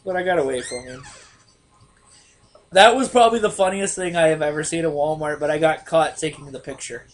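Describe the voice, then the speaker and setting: A young man co-hosting a casual podcast, telling profane stories with lively put-on voices. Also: a little high, a little fast. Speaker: podcast co-host. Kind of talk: casual chat.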